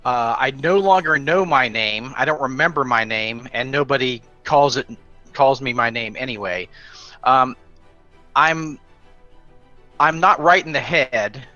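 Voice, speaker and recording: A man playing a mad male character touched by the gods, introducing himself in a halting, rambling way. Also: medium pitch, pushed and bright, dull audio, soft background music.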